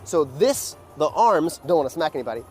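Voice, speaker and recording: A man with a slightly high voice teaches a dance in a loose, chatty way. He fills his talk with "like" and "right?" and marks the beats with sounds like "boom." Faint music plays behind him. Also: very animated, fairly quick. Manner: loose, filler-heavy explaining with beat sounds like "boom". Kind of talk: casual dance lesson.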